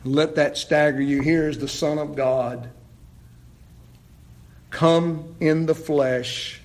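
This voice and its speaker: A man preaching a sermon, building to near-shouts and then dropping low and quiet. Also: fairly even intonation, slow pace. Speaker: pastor.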